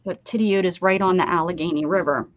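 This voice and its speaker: Speaking fairly quickly in a lowish voice with fairly even intonation, she crafts on a livestream while rambling and laughing with friends. She's from Pennsylvania, and her desk rig has a downward-pointed camera, giving a dry, slightly dull sound with no room noise.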